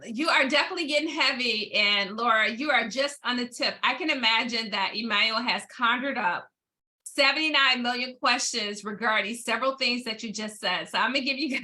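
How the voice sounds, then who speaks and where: A woman co-hosting a podcast, leading the conversation with lively questions. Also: on the high side, brisk. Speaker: podcast co-host.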